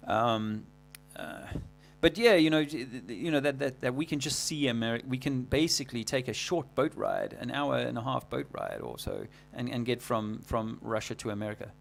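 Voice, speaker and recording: A man hosting a livestream, talking casually in a rambling, halting way full of fillers and restarts. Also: mid-range voice, creaky, a little hiss or hum. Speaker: livestream host.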